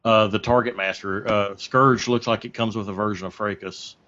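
A man co-hosting a casual podcast, explaining in a measured way, pausing on many "uh"s. His voice sits a little low. The recording is muffled and lo-fi. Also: steady tone, pushed and bright. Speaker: podcast co-host sharing the screen. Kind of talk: casual chat. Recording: muffled lo-fi audio.

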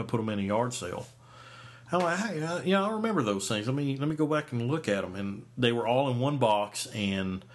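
A man's voice: lowish voice, a bit bright. A man in his forties, a podcast host, telling a story in casual chat, rambling with many fillers and restarts. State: hiccups.

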